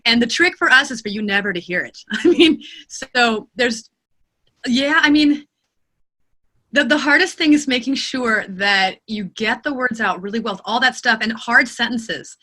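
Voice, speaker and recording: Bright-voiced expressive woman narrator. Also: on the high side, moderate pace. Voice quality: expressive, animated storyteller. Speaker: audiobook narrator and voice actor. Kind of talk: interview answers.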